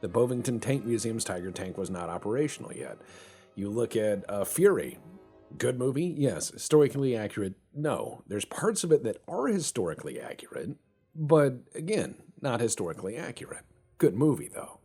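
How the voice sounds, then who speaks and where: A man's voice: mid-range voice, big pitch swings, moderate pace, a little mellow, slightly rough, soft background music. A man chatting casually and rambling while commentating a strategy game, swearing now and then. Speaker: gaming channel host.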